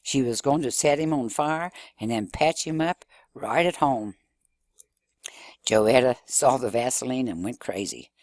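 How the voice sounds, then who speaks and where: A man reads a novel aloud, telling the story in the first person with plenty of expression. His voice sits at a middling pitch, and the sound is dry and close, with almost no room around it. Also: measured pace, no echo. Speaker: reader.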